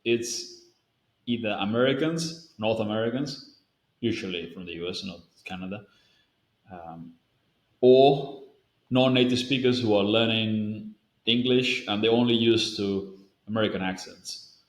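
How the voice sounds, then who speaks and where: A man's voice: fairly low pitch, unhurried. A man from Spain answering a viewer's question about pronunciation in a casual, rambling way, with many fillers and restarts. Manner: rambling, self-correcting, with frequent fillers. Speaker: language-learning video creator. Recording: roomy echo.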